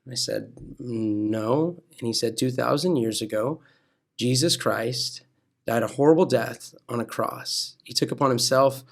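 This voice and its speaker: A man with an American accent tells his faith story as a podcast guest. His voice is gravelly and sits at an ordinary pitch. He acts out both sides of each conversation, then slips into a steady preaching tone. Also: a little slow. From California. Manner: animated storytelling that acts out quoted dialogue. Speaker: pastor and wrestling coach, guest. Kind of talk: telling a personal faith story.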